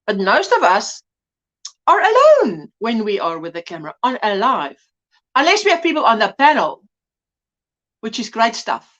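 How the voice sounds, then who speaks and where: Chatty woman hosting a live crochet stream, high and crisp, very expressive, playful with her audience. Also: moderate pace, long pauses. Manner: chatty, teasing, greets viewers by name. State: a little out of breath. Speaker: livestream host. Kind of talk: casual live chat while crocheting.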